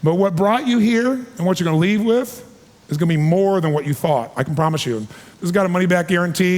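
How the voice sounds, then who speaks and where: A man in his forties giving an energetic, emphatic seminar talk to a live audience, calling for responses. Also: high voice, fast. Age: 40s. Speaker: motivational speaker. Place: large hall with a live audience. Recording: long hall reverb.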